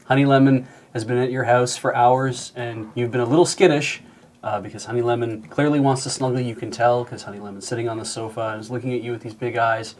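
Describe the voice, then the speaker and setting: A man's voice: medium pitch, steady tone, quick pace, darkish tone, a little hiss or hum. A man playing a storytelling card game on a stream, telling a short setup with dry, teasing timing. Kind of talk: casual improvised storytelling.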